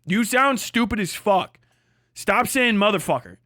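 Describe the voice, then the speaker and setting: An American man rants on his livestream in a loose, profane ramble, breaking into laughter. His voice sits high for a man. The sound is dry and close, with no room in it. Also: animated, measured pace, bright, forceful tone, no echo. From United States. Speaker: livestream host. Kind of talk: casual livestream rant.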